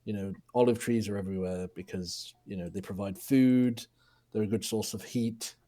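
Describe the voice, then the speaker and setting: A man's voice: on the low side, steady tone, moderate pace, mellow. A man in his twenties co-hosting a podcast, telling an anecdote in casual chat, hesitant and full of restarts. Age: 20s. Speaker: podcast co-host.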